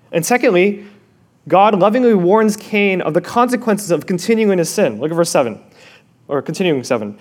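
A male pastor preaching a sermon, expressive, dropping to a hush and rising again, asking the listeners questions directly. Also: sits high, normal speed. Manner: expressive, swings from loud to hushed.

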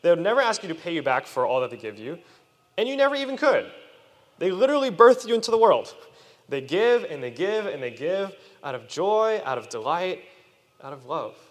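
Youth preacher, male, energetic sermon to children, lots of pitch movement, reverberant hall. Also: fairly quick. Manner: animated, questions the audience.

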